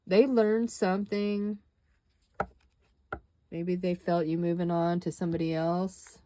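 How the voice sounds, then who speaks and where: A woman's voice: lowish voice, level tone, slow, mellow, slight background noise. A woman doing a tarot reading, musing and dramatic, with exclamations and sighs. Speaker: tarot reader.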